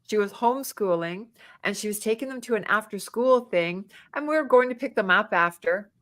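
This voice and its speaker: A middle-aged woman telling a story in casual chat, animated and acting out quotes with big jumps in pitch. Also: normal speed. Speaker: podcast guest.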